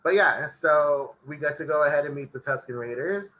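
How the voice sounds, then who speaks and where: A man chatting on a casual podcast, recapping an episode in easy, rambling sentences. He laughs often as he goes. His voice is very bright and forceful. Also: fairly high pitch, normal speed, lo-fi sound. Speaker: podcast co-host.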